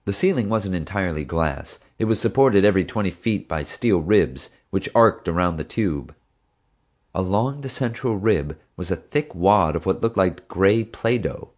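A man narrating a story in a steady storytelling manner. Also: low voice, moderate pace. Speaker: audiobook narrator. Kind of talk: scripted narration.

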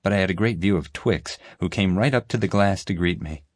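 A man narrating a children's mystery story in an even, storytelling way. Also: low-pitched, fairly quick, no room sound, studio quality. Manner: steady storytelling. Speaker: audiobook narrator. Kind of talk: scripted narration.

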